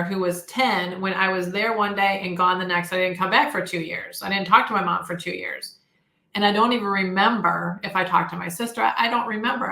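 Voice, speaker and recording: Woman, 50s, interview guest; sharp tone with some vocal fry, roomy sound. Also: medium pitch. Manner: effusive, storytelling, chatty. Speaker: guest inventor. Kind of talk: casual interview chat.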